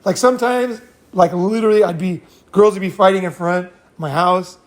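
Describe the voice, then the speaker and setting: A man's voice: high-pitched, steady tone, fairly quick. A man hosting a casual talk, telling rambling stories with frequent laughs and swearing. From California. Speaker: host. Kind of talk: casual storytelling and advice.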